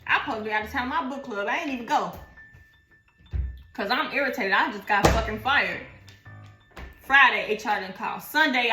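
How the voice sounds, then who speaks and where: A young woman, telling a slangy, animated storytime in a casual vlog. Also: mid-range voice. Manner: animated, slangy storytelling, voices others in quotes. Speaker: vlogger. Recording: echoey room with faint music.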